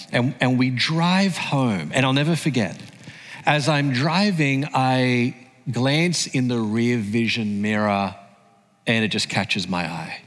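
A man's voice: on the low side, a bit bright. An Australian man in his forties preaching a sermon, telling his story earnestly and building to emphatic peaks. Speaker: pastor. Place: large church hall. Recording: long hall reverb.

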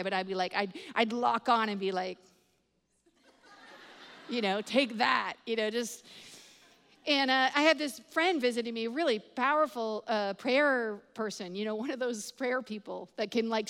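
A woman's voice: on the high side, a bit bright. A woman preaching a sermon, telling stories with laughs and quoted voices and building to emphatic points. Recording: long hall reverb.

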